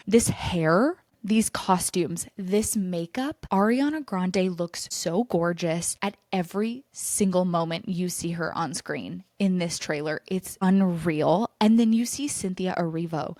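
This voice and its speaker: A young woman hosting a pop culture podcast, gushing with breathless, fast enthusiasm about the latest news. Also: fairly low pitch, darkish tone, no room sound, clean studio sound. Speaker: podcast host.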